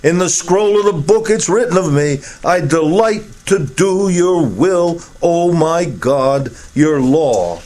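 A middle-aged man preaching a sermon, emphatic, his voice rising high to stress key words. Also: expressive, slow pace, few pauses, a little mellow.

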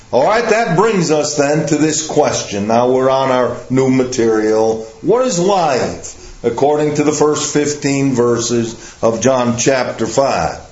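Slow, emphatic preacher man, echoey. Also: medium pitch, a little mellow. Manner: slow, emphatic, with questions to the listeners. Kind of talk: sermon. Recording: echoey room, slightly dull sound.

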